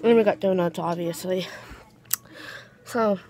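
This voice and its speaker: Rambling, gravelly-voiced young woman vlogging. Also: fairly low pitch, a little slow, dark tone. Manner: rambling, restarts sentences, giggly. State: tired. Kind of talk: casual vlog chat.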